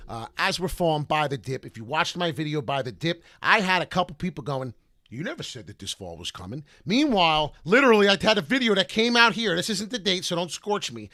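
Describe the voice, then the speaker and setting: A man hosting his own crypto channel, ranting loudly with heated swings between shouting and quieter apology. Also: on the high side. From Italian heritage. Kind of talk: ranting vlog.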